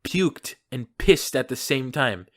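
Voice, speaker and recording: A man's voice: medium pitch, expressive, slow pace. Crude, rambling young man podcaster. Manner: crude, rambling storytelling with bursts of loud exclaiming. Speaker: podcast host. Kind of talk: casual podcast chat. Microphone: remote call.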